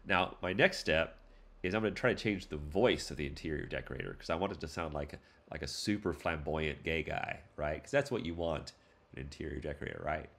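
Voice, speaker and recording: A man's voice: a bass voice, brisk, vocal fry, a bit bright. A man hosting a casual tutorial, talking loosely and playfully with plenty of fillers and asides. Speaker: tutorial host. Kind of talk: casual screen-recorded tutorial.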